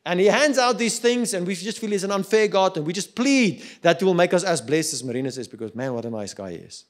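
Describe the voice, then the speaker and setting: A middle-aged man with a South African accent preaching a sermon, swinging between loud urging and quiet reflection. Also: high-pitched, lively intonation, fast talker. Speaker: pastor.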